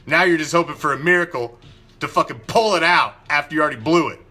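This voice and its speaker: Casting: fiery male fan-show host, bright forceful voice, angry profane rant, faint music underneath. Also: fairly high pitch, quick pace. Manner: angry, profane, emphatic ranting with repetition. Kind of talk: ranting live sports commentary.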